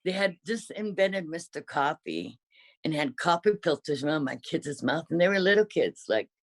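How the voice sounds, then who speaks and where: A woman's voice: low voice, expressive, normal speed, no echo. An older woman casually reminiscing in conversation, rambling and often correcting herself mid-sentence. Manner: rambling, self-correcting storyteller.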